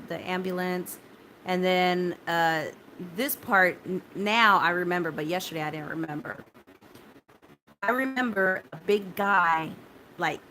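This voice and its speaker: Woman, lowish voice, halting, repeats herself, swears bluntly, faint background hiss. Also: fairly bright tone. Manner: halting and repetitive, many restarts and fillers, blunt swearing; shaken but steadying, talking straight to viewers. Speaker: vlogger recounting a personal ordeal. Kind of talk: casual spoken personal story.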